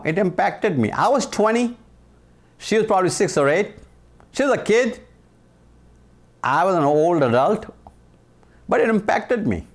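A man in his sixties from India, with an Indian accent, giving a motivational leadership talk in an emphatic way, repeating key phrases and slowing down for the punch lines. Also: high-pitched. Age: 60s. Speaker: leadership speaker.

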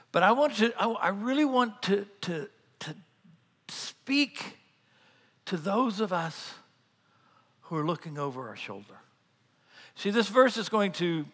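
A man preaching a sermon as pastor, earnest, swinging between loud emphatic lines and quiet asides. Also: high-pitched, big-room sound.

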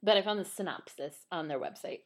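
Speaking fairly quickly in a lowish voice, a woman co-hosting a podcast reads out a ballet synopsis during casual conversation. She often laughs and stumbles over names she doesn't know.

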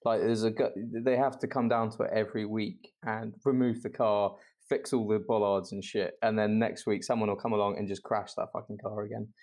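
A man's voice: lowish voice, level tone, brisk, hardly any pauses, darkish tone. A man on a casual podcast, rambling through a story in a mock-serious, sweary way. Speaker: podcast co-host. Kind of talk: casual chat.

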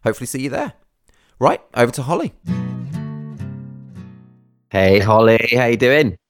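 A man's voice: mid-range voice, animated, normal speed, music in the background. A man hosting a podcast, chatting casually and enthusiastically with his guest. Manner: enthusiastic, effusive. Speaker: podcast host. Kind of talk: casual interview chat.

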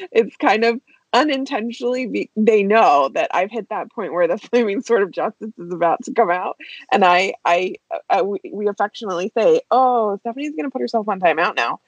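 A woman's voice: mid-range voice, big pitch swings, normal speed, husky, no room sound. Chatty woman co-hosting a podcast. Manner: chatty, laughs easily. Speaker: podcast co-host, practice manager. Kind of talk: casual podcast chat.

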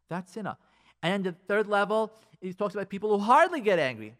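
A man giving a Torah class on radio, asking rhetorical questions and quoting Hebrew and Aramaic sources, swinging between loud emphasis and quiet asides. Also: high voice, very animated, brisk.

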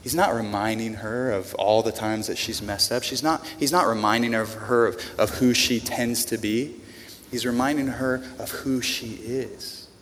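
A man's voice: mid-range voice, steady tone, moderate pace, a bit bright, slight background noise. A man preaching a sermon to a congregation, talking in a conversational way, repeating words and asking them questions. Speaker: pastor. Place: church in front of a congregation. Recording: long reverb of a large room.

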